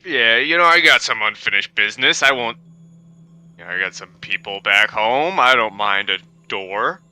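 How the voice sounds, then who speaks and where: A man's voice: on the low side, expressive, moderate pace, bright, forceful tone, clear, resonant tone, no room sound. A man playing a tabletop game, in a playful, defensive manner. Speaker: player.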